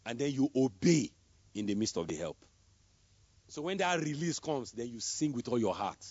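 A man preaching a sermon, swinging between loud emphatic calls and soft murmured prayer. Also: medium pitch, sing-song, moderate pace, breathy edge, dry recording. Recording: dull lo-fi sound.

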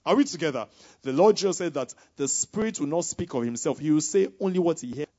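A man preaching a sermon to students, checking in with his listeners again and again and swinging from quiet asides to loud exclamations. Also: on the high side, animated, brisk. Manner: call-and-response preaching, repeated checks with the listeners. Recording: dull lo-fi recording.

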